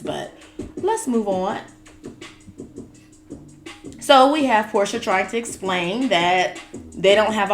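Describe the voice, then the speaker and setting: A woman, chatting casually as a tarot reader and show commentator, with playful asides. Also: on the low side. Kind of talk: casual chat.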